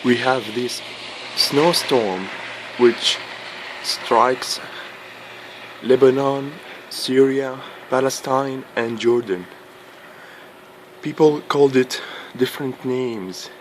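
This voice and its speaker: A man's voice: mid-range voice, noisy background. A man whose first language is Arabic, filming a snowstorm before dawn, freezing cold and exclaiming in amazement as he talks. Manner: slow, halting, amazed exclamations. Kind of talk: casual vlog commentary.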